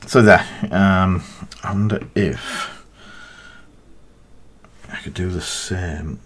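A man's voice: low-pitched, takes it slowly, fairly bright tone, a little hiss or hum. A man chatting casually on a live stream while painting miniatures, thinking aloud in a rambling, half-mumbled way.

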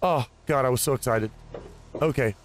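A man's voice: medium pitch, moderate pace, noisy background. A man giving casual, rambling commentary on his own gameplay, chatting aloud to the enemies he fights. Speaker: gaming host.

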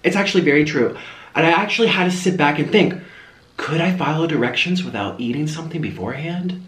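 A young man rambling through a casual eating-show chat, his voice sitting a little high and swinging up and down a lot. He talks between bites in a room that gives back a noticeable echo. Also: lively intonation, fast, a bit bright. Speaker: mukbang host. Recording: roomy echo.

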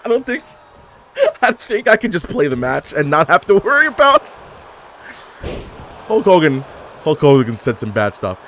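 A man giving lively, casual commentary over his own video game play. His voice swings widely in pitch as he exclaims and reacts, mixing playful trash talk with disbelief, over a faint hiss in the background. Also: normal speed, long pauses. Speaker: gaming YouTuber.

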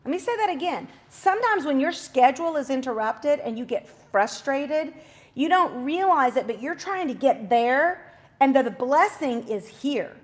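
A woman in her forties hosting a faith talk show, telling a story in a chatty, casual devotional style with quick asides. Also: high-pitched, lively intonation.

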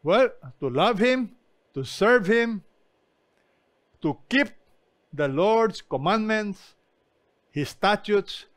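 A man's voice: high-pitched, expressive, takes it slowly, long pauses, fairly bright tone, dry recording. A man preaching an online sermon as pastor, emphatic and often asking his listeners questions. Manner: emphatic, asks the congregation questions.

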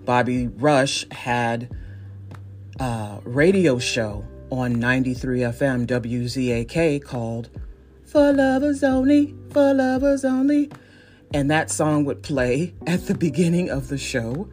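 A woman's voice: very deep voice, slow pace, faint music behind. A woman in her forties from Northeast Ohio, chatting on her solo podcast in a chatty, self-deprecating way and laughing often. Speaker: podcast host. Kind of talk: casual solo podcast monologue.

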